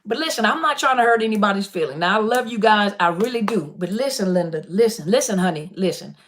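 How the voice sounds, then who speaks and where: A woman's voice: medium pitch, animated, quick pace. A woman hosts a live-stream Q&A from her webcam. She talks casually and animatedly to viewers, often repeating "listen" to get their attention. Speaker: online coach on narcissist abuse, live Q&A host.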